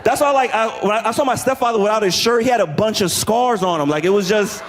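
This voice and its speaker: A man doing a stand-up comedy set, telling animated stories and shouting out impressions. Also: high-pitched, fast talker, in a large hall. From New York. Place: comedy club stage with a live audience. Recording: crowd laughter and room noise.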